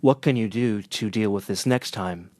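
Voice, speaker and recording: A man with a Northern American accent, an interpreter teaching in a measured, earnest way. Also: fairly low pitch, a little mellow, dry recording. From northern United States. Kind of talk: scripted lesson to camera.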